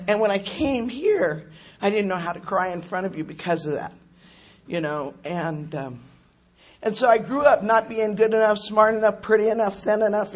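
A middle-aged woman with a hoarse voice from a cold, giving a chatty, self-mocking recovery share at a meeting. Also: mid-range voice. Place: meeting room with an audience.

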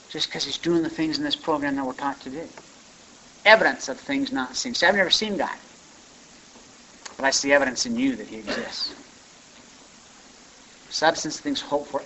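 A man's voice: fairly high pitch, sharp tone, a little hiss or hum. A man speaking at a recovery meeting, sharing his story in a folksy, conversational way with lots of asides to the room. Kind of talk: personal share talk. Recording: muffled lo-fi recording.

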